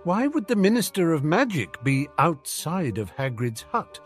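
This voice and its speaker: A man's voice: fairly high pitch, big pitch swings, a little slow, soft background music, voice pushed up. A man voicing a clever, bossy teenage girl witch who talks in a huffy, lecturing way. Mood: exasperated.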